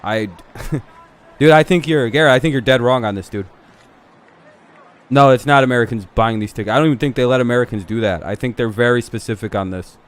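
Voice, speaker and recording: A man's voice: medium pitch, fairly quick. Profane, argumentative man on a live stream. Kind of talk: casual chat during a game watch-along.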